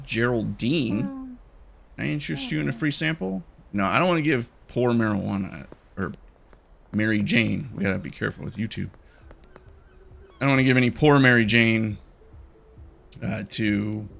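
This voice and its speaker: A man's voice: fairly low pitch, gravelly, fairly bright tone. A young man giving casual, jokey and nervous commentary while playing a game, talking to its characters. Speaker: gaming YouTuber.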